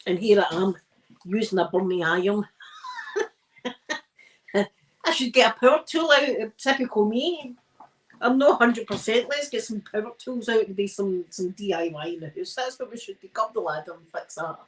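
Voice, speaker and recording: A woman's voice: mid-range voice, brisk, poor audio. A tired Scottish woman chatting casually while ironing on a livestream, rambling and self-mocking between yawns. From Scotland. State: tired and yawning. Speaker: ASMR livestream host.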